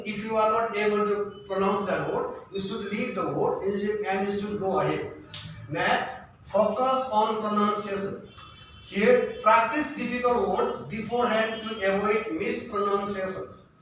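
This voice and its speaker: Male English tutor, high voice, patient and repetitive, recorded from a distance in a very echoey room. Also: a bit bright, slight background noise. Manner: repeats points and checks in with "okay?". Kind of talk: spoken exam-prep lesson.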